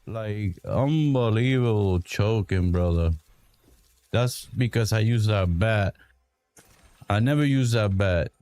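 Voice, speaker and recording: A man's voice: on the low side, takes it slowly, a little mellow, no room sound. A young man streaming a game live through a headset, muttering frustrated, self-critical commentary to himself. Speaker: gaming streamer.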